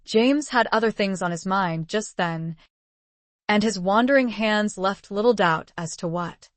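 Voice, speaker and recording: A woman narrating a romance novel audiobook in an even, measured reading. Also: medium pitch, dry recording. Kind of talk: scripted narration.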